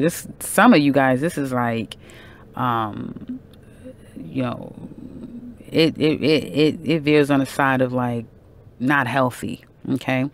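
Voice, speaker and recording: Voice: medium pitch, creaky. A tarot reader giving a casual monthly horoscope reading, chatty and emphatic, with many fillers, self-corrections and "okay?" check-ins to the viewer.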